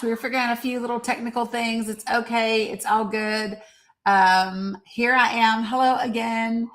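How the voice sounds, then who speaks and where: A woman's voice: on the high side, fairly even intonation, normal speed. Woman, live-stream host, casual chat, bubbly, greets viewers by name.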